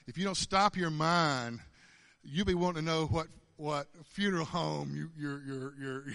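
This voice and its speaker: Man in his fifties, folksy testimony, stammering, bright, slightly high voice. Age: 50s. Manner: folksy, stammering, repeats words, chuckles often. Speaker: church speaker. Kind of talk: conversational testimony.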